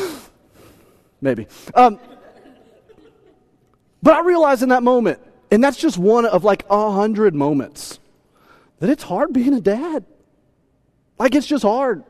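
High-voiced animated male pastor. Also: measured pace, pauses often. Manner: animated, self-deprecating, repeats words. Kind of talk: sermon storytelling.

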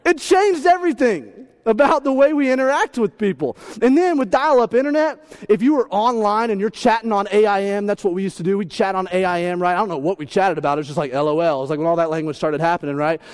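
A male pastor in his thirties, preaching with a playful, animated delivery. His voice sits high for a man, and he jumps into little acted-out voices as he goes. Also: fast talker, hardly any pauses, smooth. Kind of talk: humorous sermon.

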